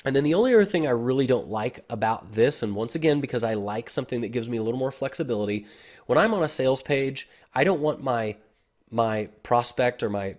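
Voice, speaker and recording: A man of ordinary, mid-range pitch talking through a screen-recorded software tutorial. He explains each step in a casual, easygoing way, with frequent fillers and "okay?" check-ins. The voice comes through a desktop computer mic. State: has the hiccups. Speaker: online marketing tutor.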